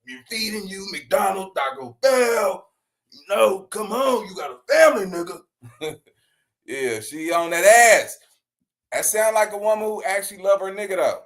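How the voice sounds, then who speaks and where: A man giving casual, slangy reaction commentary, laughing often and breaking into loud bursts. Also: high voice, animated, normal speed.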